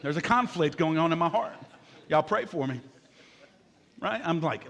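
High-pitched preacher guy in his 50s, cracking jokes mid-sermon, asks the room for amens. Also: moderate pace. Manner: lively and joking, acts out voices, calls for amens from the congregation. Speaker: pastor.

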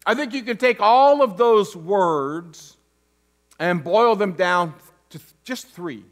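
A man's voice: sits high, lively intonation, takes it slowly. A man, an interim pastor, preaching a conversational sermon with joking asides and frequent restarts. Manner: restarts and stumbles over words.

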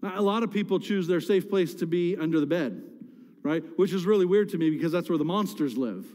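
A man's voice: sits high, a little fast, warm tone. A man preaching a sermon as pastor, talking conversationally with the congregation and rising to impassioned cries at times. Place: church sanctuary. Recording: reverberant church hall.

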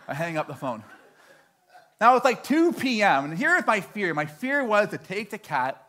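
A young man from Canada telling a stand-up story, animated and self-mocking, acting out his own dialogue. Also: high-pitched, normal speed. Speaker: stand-up comedian.

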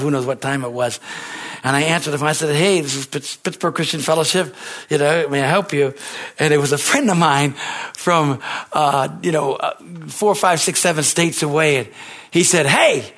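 A pastor preaching a sermon, telling stories with excitement that climbs to shouts, repeating phrases and calling for amens. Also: male voice, mid-range voice. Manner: repetitive, emphatic phrasing with call-and-response.

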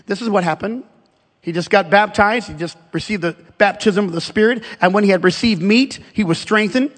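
A man preaching a sermon, animated and emphatic, joking with the congregation between scripture readings. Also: sits high, brisk. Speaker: pastor. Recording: long hall reverb.

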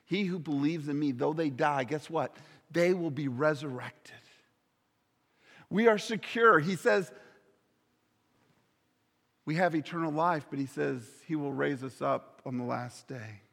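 A man's voice: on the high side, measured pace, gravelly, pauses often, a bit bright, in a large hall. A man preaching a sermon earnestly, sometimes dropping to a near whisper on key words. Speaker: pastor.

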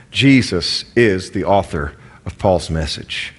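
A man's voice: sits low, big pitch swings, slow pace, long pauses, slightly rough. A man with a Southern American accent preaching a sermon in a conversational way, with asides and stories. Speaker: pastor.

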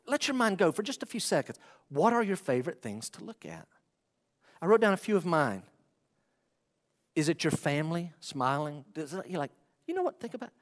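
A man preaching a sermon as pastor, swinging from hushed asides to loud pleading and acting out prayers. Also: a little high, sing-song, normal speed, pauses often, in a large hall.

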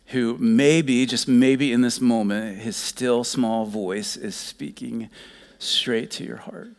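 A male pastor preaching a sermon, moving between loud, urgent exhortation and soft, near-whispered lines, then leading communion. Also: medium pitch, steady tone, slow pace.

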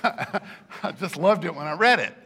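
A man's voice: high voice, animated, a little slow, creaky, pushed and bright, a little hiss or hum. A man preaching a sermon, telling stories and stressing points with emphatic rises. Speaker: pastor.

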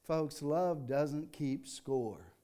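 An older man preaching a sermon in a folksy, conversational way, rising into emphatic reading and dropping to quiet asides. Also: fairly high pitch, lively intonation, very slow. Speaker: pastor.

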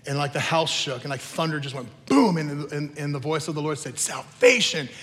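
Male pastor, high voice, chatty storytelling sermon, long hall reverb. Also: steady tone, a little fast. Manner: conversational storytelling with teasing asides.

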